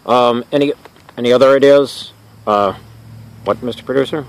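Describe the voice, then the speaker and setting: A man hosts a comedic science lesson for kids out in the open. His voice sits at an ordinary middle pitch. He talks earnestly and mock-seriously and gets easily flustered. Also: normal speed, pauses often, noisy background. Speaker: science show host. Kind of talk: comedic educational presentation. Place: outdoors in a natural area.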